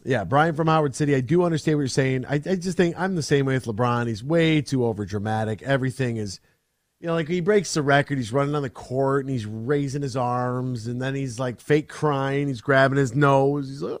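A man hosts a sports talk show, rambling and animated, slipping into mocking voices to poke fun at players. His voice sits in a middle pitch and the studio sound is close and dry. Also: a little fast, no echo. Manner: animated, rambling, mocks players with put-on quotes. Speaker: sports radio host.

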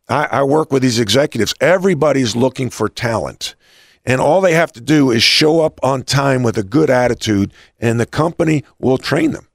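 A man's voice: medium pitch, no echo, clean studio sound. A man hosting an interview, rambling through anecdotes with frequent restarts. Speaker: host. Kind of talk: casual interview talk.

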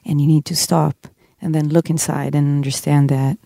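Low gravelly woman, reflective. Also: level tone, normal speed, warm tone, no room sound, clean studio sound. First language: Hebrew. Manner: reflective, searching for words. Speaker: singer, podcast guest. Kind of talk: podcast chat. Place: studio.

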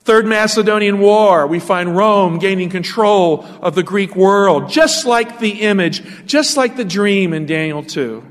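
A man's voice: high-pitched, measured pace, hardly any pauses, in a large hall. A male pastor preaching a sermon, asking his listeners rhetorical questions as he teaches from scripture.

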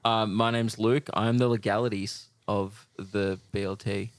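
A man with an Australian accent, a comedian co-hosting a podcast, telling deadpan anecdotes. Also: on the low side, normal speed, no echo. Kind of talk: casual podcast banter.

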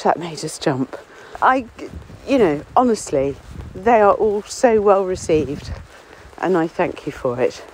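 A woman's voice: lowish voice, expressive, a little slow, a little mellow, slight background noise, poor audio. Chatty woman walking outdoors. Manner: chatty, rambling, self-deprecating. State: slightly out of breath. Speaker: local author and podcast contributor. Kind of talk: casual spoken diary on a walk. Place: outdoors on a windy common among trees. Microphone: phone or portable recorder, no headphones.

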